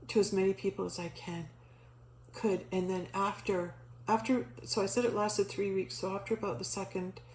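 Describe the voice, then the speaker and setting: A middle-aged woman telling a personal spiritual story in a casual, animated way, acting out the voices she quotes, with many restarts and fillers. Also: medium pitch, reverberant, slight background noise, poor audio. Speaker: storyteller sharing a spiritual experience.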